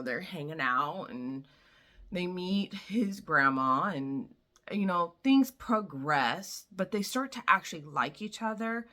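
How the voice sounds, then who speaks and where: Chatty woman with a low bright voice. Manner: chatty, lots of "like" and "you know"; acts out characters' lines in a quieter voice. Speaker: vlogger recapping a novel. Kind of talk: casual book summary.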